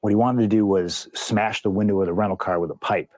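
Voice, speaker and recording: A man's voice: lowish voice, steady tone, quick pace, a little mellow, no room sound, faint music behind. A man being interviewed, retelling a backstage clash in a blunt, profane, heated way. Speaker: interview guest. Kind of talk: casual storytelling in an interview.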